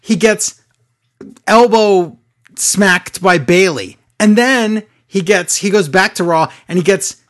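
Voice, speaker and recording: Guy cohosting a recap podcast, gets all excited telling the story. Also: slow. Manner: excitable, animated storytelling with sudden pitch jumps. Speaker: podcast co-host. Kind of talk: casual wrestling recap chat.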